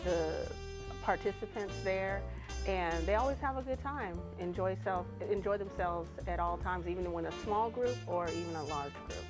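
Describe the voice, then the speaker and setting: Brief: lowish-voiced woman, gentle and hesitant, lots of "um"s, guitar music behind. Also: normal speed. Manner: hesitant, many fillers, gentle. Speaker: interviewee. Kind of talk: interview talk.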